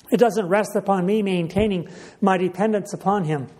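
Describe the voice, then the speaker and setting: A man delivers a sermon in a somewhat high voice. He speaks in a measured way and leans on repeated phrases for emphasis. He stops often to clear his throat. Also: a little mellow. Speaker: preacher.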